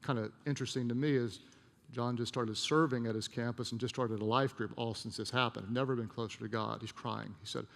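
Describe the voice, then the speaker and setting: Male pastor, sermon delivery, gravelly texture, hushed storytelling lows, long church-hall reverb. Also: fairly even intonation, brisk. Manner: storytelling, drops to a hushed voice for emotional moments. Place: church auditorium.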